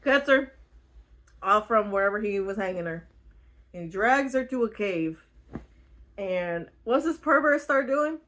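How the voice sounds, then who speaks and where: A woman's voice: medium pitch, a bit bright. A woman retelling a book in a casual, rambling way, giggling often and using lots of fillers. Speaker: book reviewer.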